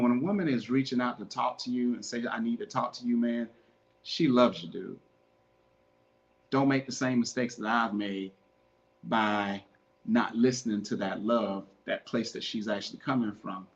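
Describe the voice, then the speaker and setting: A man's voice: medium pitch, highs cut off. A man hosting a podcast, giving earnest, repetitive relationship advice in a casual, preachy way and calling his listeners "man". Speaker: podcast host.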